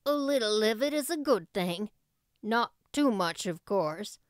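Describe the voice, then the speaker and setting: A woman voicing a shy, gentle elderly farmer who speaks softly and quietly. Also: mid-range voice, animated, a little slow, smooth, no echo, clean studio sound, close to an everyday voice. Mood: shy, tender. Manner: soft, shy and hushed.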